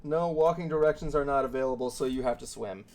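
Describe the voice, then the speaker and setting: A man's voice: mid-range voice, quick pace, a little mellow. A man telling anecdotes and laughing often in a casual group chat.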